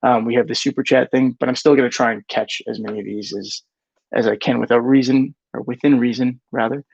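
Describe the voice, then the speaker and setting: A man's voice: mid-range voice, fairly even intonation, brisk, creaky, darkish tone, breathy edge, dry recording, dull audio. A man hosting a casual live Q&A, reading viewer questions aloud and often correcting himself as he answers. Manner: reads chat questions aloud, self-corrects with "rather".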